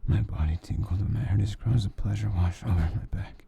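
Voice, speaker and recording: Brief: man, whispered role-play storyteller, very dark and breathy voice. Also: on the low side, fairly even intonation. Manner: slow, soft, intimate reading. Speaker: ASMR storyteller.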